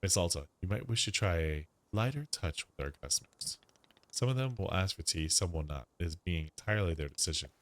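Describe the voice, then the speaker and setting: A man reading a gentle, formal tea shop keeper. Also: deep voice, animated, a little fast. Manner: formal, slightly odd grammar, soothing.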